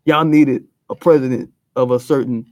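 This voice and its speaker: A man's voice: mid-range voice, steady tone, normal speed, a little mellow. A man giving a blunt, profane commentary rant full of street slang. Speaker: video commentator.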